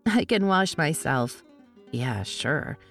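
A woman's voice: low voice, big pitch swings, takes it slowly, faint music behind, exaggerated voice. A woman reading the part of a blunt, stubborn young woman who is plain-spoken and prickly.

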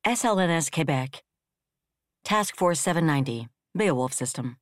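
Audiobook narrator reading sci-fi, steady and even, super dry close sound. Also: medium pitch, normal speed, dry recording.

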